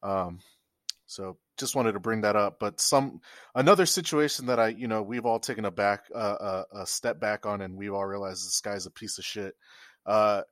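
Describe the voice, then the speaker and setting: A man hosting a podcast with a low voice and a dry, close sound. He talks in loose, joking banter and uses plenty of slang. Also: normal speed, a bit bright, no echo. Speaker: podcast host. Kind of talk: casual podcast chat.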